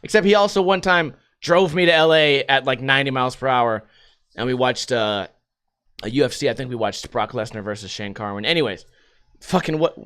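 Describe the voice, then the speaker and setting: An American man hosting a podcast, telling rambling stories in a profane, animated way. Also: mid-range voice, brisk, clear, resonant tone. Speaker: podcast host. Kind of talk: casual storytelling monologue.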